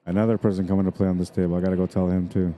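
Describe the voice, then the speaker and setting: Casting: laid-back male pool streamer, low, mellow voice, chatty with viewers in a pool hall. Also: level tone, very fast. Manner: chatty, easygoing, talks directly to viewers. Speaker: pool tournament streamer and commentator. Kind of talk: casual live-stream commentary.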